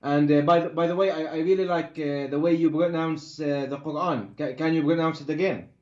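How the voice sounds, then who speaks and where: A man's voice: on the high side, fairly even intonation, fairly quick, darkish tone. A man calling into a live debate, hesitant and stammering, with many restarts. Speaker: caller in a debate. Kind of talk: live debate over a call. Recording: echoey, muffled call audio.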